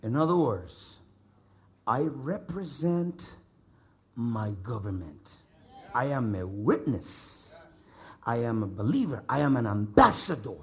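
A man from the United States preaching a sermon to a congregation, emphatic and repeating lines for them to echo back, building to shouts. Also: mid-range voice, very animated, slow, long pauses. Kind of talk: sermon with call-and-response. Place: church service before a congregation.

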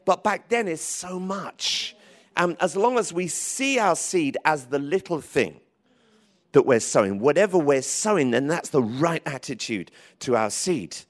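A man preaching a sermon in church, lively and emphatic, with frequent restarts. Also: on the high side, a little slow. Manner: lively, rising to emphatic calls, with many restarts. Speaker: pastor.

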